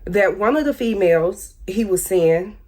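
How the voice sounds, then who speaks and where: A woman's voice: medium pitch, animated, a little slow, a little mellow. Woman venting candidly about her ex. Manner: candid, repetitive, pointed, Southern-tinged informal grammar. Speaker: speaking out about her ex-husband. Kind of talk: emotional personal testimony.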